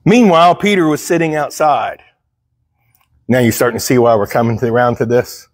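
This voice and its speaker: A man's voice: medium pitch, brisk, no echo. Conversational male pastor, dry sound. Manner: conversational, reads scripture aloud and asks the congregation questions. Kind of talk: sermon, Bible teaching. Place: church.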